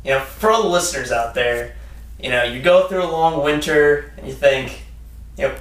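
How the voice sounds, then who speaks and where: A man's voice: on the high side, normal speed, a bit bright, far from the mic. A young man co-hosting a casual podcast, laying out mock-serious theories in a playful way. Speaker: podcast co-host. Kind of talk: casual chat. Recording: echoey room, away from mic.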